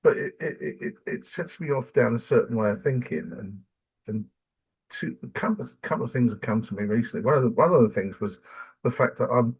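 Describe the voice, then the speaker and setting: An older Englishman hosts a relaxed podcast chat, his voice a little husky. He tells stories with animation and mid-range pitch, and slips into other voices when quoting people. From England. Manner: animated storyteller, acts out quoted voices. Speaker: podcast host. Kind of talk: casual chat.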